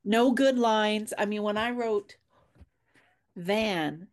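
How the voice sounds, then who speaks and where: A woman's voice: medium pitch, slow. An author chatting casually about her books, acting out quoted dialogue as she tells a story. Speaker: author guest. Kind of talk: casual chat.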